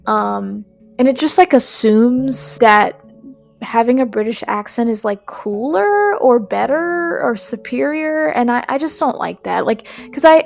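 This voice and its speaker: Chatty woman with a creaky, rambling voice. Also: a little high. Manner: rambling, frequent fillers and restarts. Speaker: game reviewer. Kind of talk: casual spoken review.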